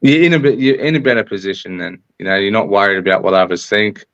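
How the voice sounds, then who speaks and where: A man's voice: on the low side, fast talker, a bit bright, no echo. An Australian man talking as a podcast guest over a recorded online call, sharing motivational messages in an earnest, upbeat way. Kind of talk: casual interview talk. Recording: dull lo-fi call audio.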